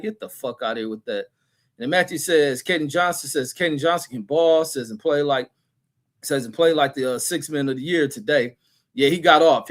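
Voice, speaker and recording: A man hosting a livestream, reading chat comments and ranting about basketball in a loose, profane, repetitive way. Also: on the high side. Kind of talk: casual profane sports rant.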